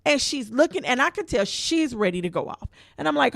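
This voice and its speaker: A woman's voice: high voice, a little fast, vocal fry, dry recording, studio quality. A woman co-hosting a podcast, telling a story in casual, colloquial speech and acting out the voices of the people in it. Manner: animated storyteller who acts out quoted voices. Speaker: podcast co-host.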